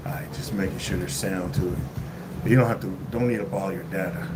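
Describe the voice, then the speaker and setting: A man livestreaming casually from his phone while traveling, rambling and halting with many fillers and restarts. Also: deep voice, steady tone. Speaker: vlogger livestreaming. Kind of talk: casual live-stream chat. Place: indoors at a lodging while traveling. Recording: loud background noise.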